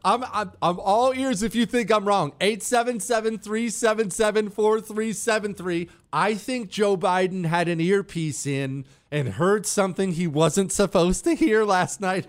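A man hosting a talk radio show, riffing casually in an animated, sarcastic and self-mocking way. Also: sits high, unhurried, hardly any pauses.

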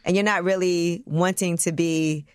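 A woman hosting an interview, asking steady, supportive questions. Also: lowish voice, moderate pace, smooth, no room sound. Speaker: podcast host. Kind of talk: interview conversation.

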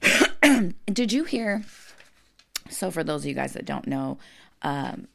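Low gravelly woman, blunt profane banter. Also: sing-song, slow. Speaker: podcast co-host. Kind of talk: casual chat.

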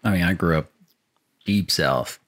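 A man's voice: deep voice, measured pace, fairly bright tone. A man co-hosting a podcast in casual chat, joking and crude. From Southern US. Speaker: podcast co-host.

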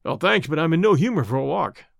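A man's voice: a little high, lively intonation, quick pace, creaky, no echo, clean studio sound. A man reading a story aloud, voicing a bold, defiant young man who protects the woman he loves.

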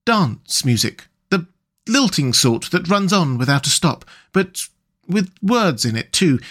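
A man voicing a gentle, dreamy male water rat from a storybook, speaking softly and wistfully. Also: on the high side, big pitch swings, measured pace, pitched above the performer's own voice, full character voice. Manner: soft, wistful, languid.

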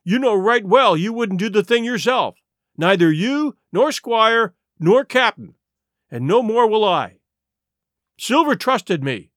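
A man's voice: high voice, very animated, takes it slowly, fairly bright tone, no room sound, studio quality, voice pushed up, exaggerated voice. A man doing a resolute young boy. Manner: earnest, firm.

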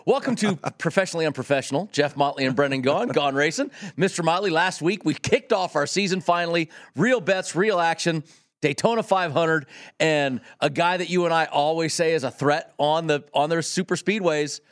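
A man's voice: on the high side, fairly quick. A man with a West Coast American accent, co-hosting a casual racing-betting chat in a rambling way with many restarts. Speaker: co-host.

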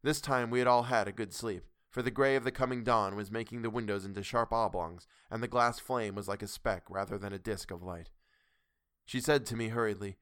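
A man reading a classic novel aloud in a measured, steady storytelling voice. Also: fairly low pitch, clear, resonant tone, dry recording, clean studio sound. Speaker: audiobook narrator. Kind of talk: audiobook reading.

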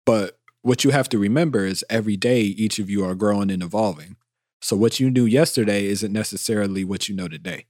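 A man co-hosting a podcast, giving advice in a relaxed, slangy way. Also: lowish voice, brisk, no room sound, clean studio sound. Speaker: podcast co-host. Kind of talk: casual chat.

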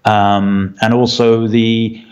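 A man's voice: lowish voice, level tone, slow, a little mellow, dull audio. A man co-hosting a photography podcast, explaining at length in casual chat with plenty of fillers and a firm opinion. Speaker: podcast co-host.

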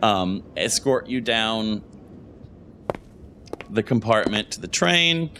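A man's voice: fairly low pitch, animated, noisy background. A man narrating as game master in a casual tabletop role-play, with frequent restarts. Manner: casual, halting, many restarts.

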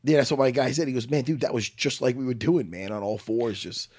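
A man's voice: medium pitch, brisk, a little mellow. A man, a fight coach co-hosting a casual sports chat, rambling and leaning on "you know". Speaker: fight coach and podcast co-host.

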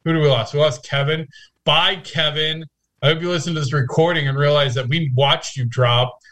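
A man's voice: on the high side, steady tone, brisk, a bit bright. A man co-hosting a casual podcast chat, teasing and joking, laughing often. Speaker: podcast co-host.

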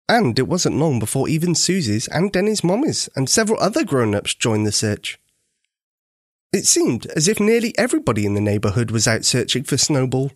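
A man's voice: medium pitch, no room sound, clean studio sound. A man narrating a children's story in a storyteller's cadence.

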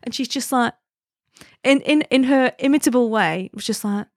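Woman, podcast host, animated chatty storytelling, dry close sound. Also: a little high, moderate pace, no room sound. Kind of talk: casual podcast chat.

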